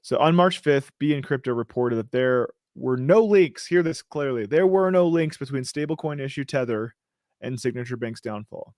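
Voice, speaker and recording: A man's voice: medium pitch, animated, moderate pace, a little mellow, no echo. Joking male host, dry close sound. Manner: joking, riffing asides while reading. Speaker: show host. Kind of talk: casual chat reading news.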